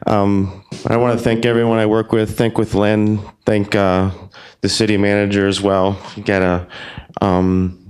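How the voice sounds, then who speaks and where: A man's voice: fairly low pitch, little pitch movement, a little slow, few pauses, a little mellow, clean tone. A city parks worker speaking plainly and modestly at a council meeting while losing his voice. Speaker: city parks employee being honored. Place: council chamber.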